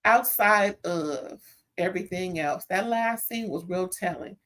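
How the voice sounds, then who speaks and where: A woman's voice: fairly low pitch, unhurried. Sassy woman recapping reality TV live. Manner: animated, sassy, talks straight to viewers. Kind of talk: casual live recap to viewers.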